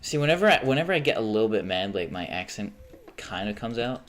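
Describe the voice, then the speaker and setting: Fast-talking and sing-song, a young man with a lowish, slightly bright voice rants from home on a livestream. He swears freely and keeps cutting himself off to restart sentences.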